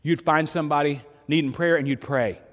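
A man's voice: fairly high pitch, steady tone, fairly quick, fairly bright tone, long reverb tail. An older man, preaching a sermon in a conversational storytelling way, with sudden emphatic rises. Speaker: pastor.

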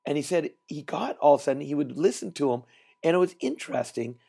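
A man hosting a solo motivational podcast, telling stories in an animated way and repeating words for emphasis. He is recording while traveling. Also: fairly high pitch, fast, gravelly, husky. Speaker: podcast host and trainer.

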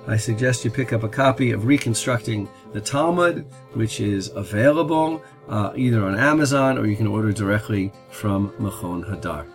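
Man explaining an old text step by step. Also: medium pitch. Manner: thoughtful, explains step by step with "um" and "uh" pauses. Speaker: Talmud teacher and podcast host. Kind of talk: explanatory lecture on text wording.

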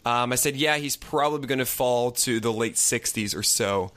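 A man co-hosting a podcast, pushing back in a casual debate. His voice sits at a middling pitch, and he talks in quick bursts full of restarts and half-finished thoughts. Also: a bit bright. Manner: defensive, quick-talking with many restarts and laughs. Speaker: fantasy baseball podcast co-host.

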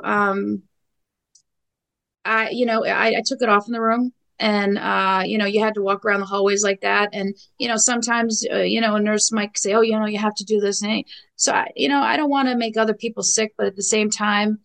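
Blunt and emphatic, a middle-aged guest from New York shares a personal account in a podcast interview, repeating phrases and using plenty of fillers. Her middle-pitched voice is gravelly yet fairly bright, and the recording is rough.

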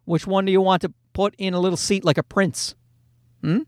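A middle-aged man doing a stand-up comedy routine, telling an exasperated story about his kids with loud acted-out asides. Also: high voice, steady tone, brisk, dry recording, studio quality.

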